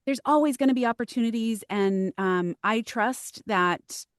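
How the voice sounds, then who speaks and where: A woman's voice: fairly high pitch, moderate pace, no echo, clean studio sound. A woman with a Texan accent, a voice actor talking earnestly and hesitantly in a casual podcast interview. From Texas. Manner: earnest, lively, hesitant with frequent ums. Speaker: voice actor guest.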